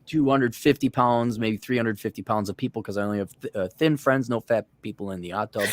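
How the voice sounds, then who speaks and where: A man's voice: on the low side, brisk, no room sound. Profane ranting man, dry close sound. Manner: profane, ranting storyteller acting out quoted people. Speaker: podcast co-host. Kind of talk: casual podcast chat.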